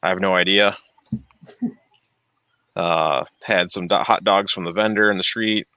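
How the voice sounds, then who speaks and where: A streamer repairing printers in his home workshop keeps up a casual, rambling chat, laughing a lot and trailing off while searching for words. He speaks low and a little slow, fairly even in intonation, with a sharp, clean tone and no echo.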